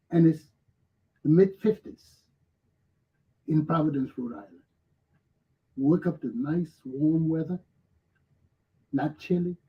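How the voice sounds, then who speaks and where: A man from Liberia, hosting an unscripted morning talk show and speaking earnestly and plainly to his listeners. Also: fairly high pitch. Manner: earnest, plain-spoken, addresses listeners directly. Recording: dull lo-fi recording.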